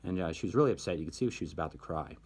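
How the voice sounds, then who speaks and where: A man's voice: low voice, expressive, rapid-fire, darkish tone, slightly rough. A man hosting his own video channel, telling a personal story in a casual, hesitant monologue full of fillers. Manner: hesitant, many fillers and restarts. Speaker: video host.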